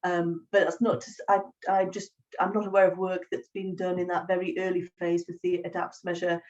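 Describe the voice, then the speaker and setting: A woman, a psychologist hosting a webinar, speaking in a measured way with many pauses over a video call. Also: on the low side, level tone. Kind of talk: professional discussion on a video call. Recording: distant, dull lo-fi call audio.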